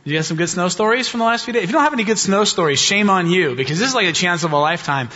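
A man preaching a sermon, chatty and self-mocking, with a bright, forward and slightly high voice. He sounds like a pastor talking to his congregation. The recording has a long church-hall echo and a dull, lo-fi quality. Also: lively intonation, racing. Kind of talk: sermon with a humorous personal story.

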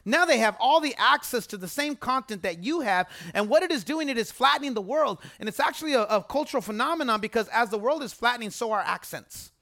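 A man's voice: extremely high pitch, expressive, fast, hardly any pauses, pushed and bright, dry recording. Male pastor preaching, chatty but emphatic, repeats himself for effect, dry close sound. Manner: emphatic and conversational, repeats phrases, asks the congregation for responses. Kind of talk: sermon. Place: church service.

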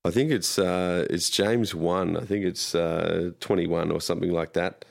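Deep gravelly Australian man. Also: fairly even intonation. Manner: rambling, self-deprecating, quick to laugh. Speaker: pastor and guest. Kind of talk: casual conversation.

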